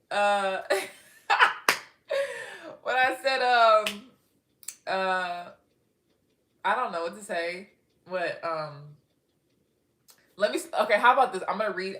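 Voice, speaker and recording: A woman's voice: on the low side, a bit bright, roomy sound. A young woman from Texas casually chatting on a livestream, reading viewer comments aloud and often giggling. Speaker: livestream host.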